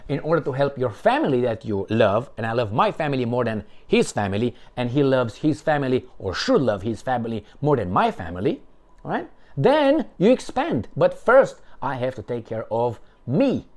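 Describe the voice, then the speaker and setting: Animated, sarcastic male commentator. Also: mid-range voice, moderate pace. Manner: animated and sarcastic, with emphatic swings and mocking asides. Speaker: political commentator. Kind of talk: solo commentary, reading and reacting to news articles.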